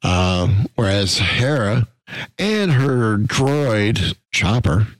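A man hosting a podcast, recapping an episode in a casual, halting way with many restarts. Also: lowish voice, big pitch swings, dry recording. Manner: halting, restarts words, fillers.

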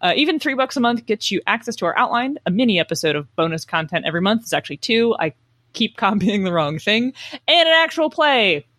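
A woman's voice: mid-range voice, animated, quick pace, a bit bright, no room sound. A young adult woman co-hosting a podcast, dry and wry, chatting and reading sponsor spots. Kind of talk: casual podcast chat and ad reads.

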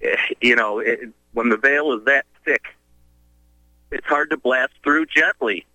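A man's voice: mid-range voice, a little slow, pushed and bright, no room sound, low-quality recording. A man hosting a call-in radio talk show, urging his listeners in a preachy, activist way.

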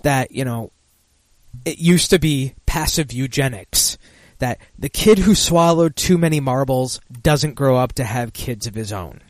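Hosting a casual talk show, a man with a medium-pitched, expressive voice rambles unhurriedly, swears freely, and laughs at his own jokes. The recording is dry, and the banter has a talk-radio feel.

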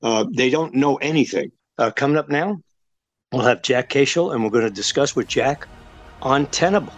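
A man's voice: medium pitch, moderate pace, soft background music. Blunt opinionated male podcast host. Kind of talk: interview.

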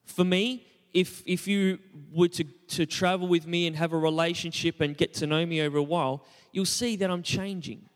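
Joking about himself and quizzing his congregation, a young adult pastor gives a conversational sermon. His slightly high voice keeps a steady tone at normal speed, with few pauses. The room leaves a long reverb tail.

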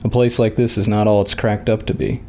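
A man's voice: fairly low pitch, level tone, brisk, darkish tone, slight background noise, close to an everyday voice. A man reading aloud and voicing a blunt, plain-spoken farmer who welcomes guests with folksy talk. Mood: gruff.

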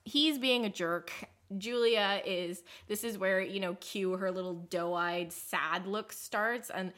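A woman's voice: mid-range voice, slow pace, fairly bright tone. A woman co-hosting a podcast in casual chat, recapping the story with frequent "um" and "you know". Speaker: podcast co-host.

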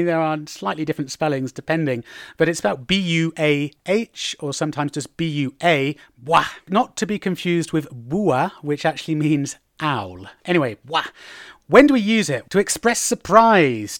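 A man with a slightly high voice gives a relaxed Spanish lesson. He swoops his pitch up and down as he acts out example phrases. The sound is dry and close. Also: normal speed, dry recording. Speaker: Spanish language teacher. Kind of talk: casual language lesson.

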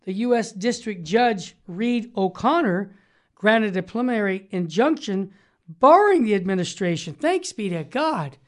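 This is a Christian talk show host with an upbeat, emphatic delivery. The voice sits at a middling pitch, and the host keeps affirming the co-host while moving through news items. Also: expressive, a little slow. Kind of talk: casual conservative Christian talk show chat.

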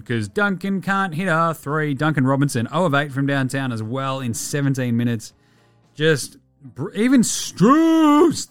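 An Australian man hosting a casual sports podcast, animated, swearing freely and laughing often. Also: a little high, no room sound. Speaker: podcast host.

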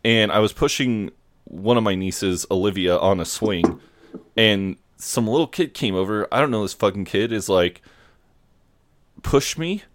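A man's voice: fairly low pitch, moderate pace. An American man co-hosting a podcast, telling anecdotes in an easygoing way with casual swearing. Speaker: podcast co-host. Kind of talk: casual chat.

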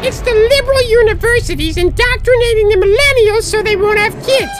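A performer voicing a male red puppet monster who rants paranoid conspiracy theories in a squeaky falsetto, over music. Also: fairly quick. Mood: ranting. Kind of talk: parody ad with music. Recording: loud music behind.

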